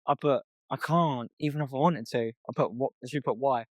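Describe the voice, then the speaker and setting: A man's voice: mid-range voice, normal speed, dry recording. A young man co-hosting a casual podcast, telling a story by reading out text messages and swearing often. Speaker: podcast co-host. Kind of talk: casual chat.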